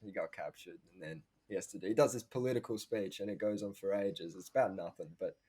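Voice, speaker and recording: A man's voice: sits low, fast talker, mellow, husky. A teenage boy, a school drama student chatting casually as a podcast guest and rambling through a plot retelling. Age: teens.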